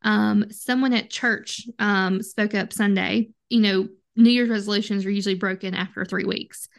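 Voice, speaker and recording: A woman's voice: mid-range voice, steady tone, moderate pace, creaky. A woman co-hosting a podcast in casual chat, easygoing and agreeable, laughing often. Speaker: podcast co-host.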